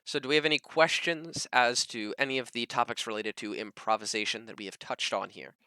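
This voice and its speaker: Bright, emphatic man chatting. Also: a little fast, smooth, dry recording. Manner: animated, emphatic, lively pitch jumps. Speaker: podcast co-host, dungeon master. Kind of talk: casual panel chat.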